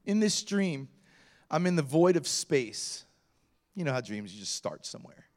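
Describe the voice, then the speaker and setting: A middle-aged pastor, his voice on the high side and his speed normal, animates a sermon story by performing each character's lines. His energy rises and falls dramatically as he acts out the quotes.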